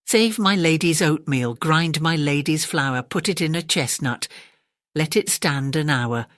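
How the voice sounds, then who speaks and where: A woman voicing a chorus of tiny cheeky mice tailors in a high, twittering sing-song for a storybook reading. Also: unhurried, no echo, studio quality. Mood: singsong.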